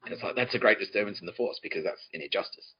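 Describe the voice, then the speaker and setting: A man's voice: lowish voice, racing, breathy edge. Rambling profane man. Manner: profane, rambling, often laughing mid-sentence. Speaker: podcast host. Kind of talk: rambling comedic monologue. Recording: dull lo-fi recording with faint music.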